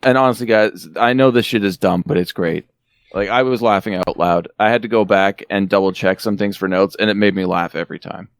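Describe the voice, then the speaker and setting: Podcast host, male, lowish voice, dry close-miked sound, wry laughing film recap. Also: fairly even intonation, brisk, clear, resonant tone, no echo. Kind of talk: casual chat.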